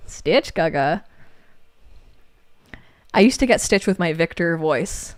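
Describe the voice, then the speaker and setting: A woman co-hosting a livestream, reading viewer comments aloud in casual chat. She laughs often and jumps to squeaky exclamations. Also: measured pace, pauses often. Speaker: livestream co-host.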